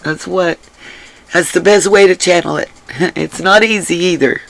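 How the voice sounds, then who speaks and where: A woman hosting a casual livestream and reading the chat aloud, drained, her voice rough from crying, earnest and emphatic and given to repeating herself. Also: on the low side, unhurried, poor audio. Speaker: livestream host.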